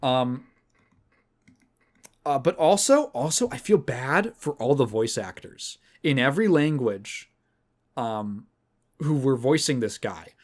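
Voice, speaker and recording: A man hosting a podcast, telling a story in a casual, rambling and animated way. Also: medium pitch, slow pace, long pauses. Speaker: podcast host. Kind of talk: casual chat.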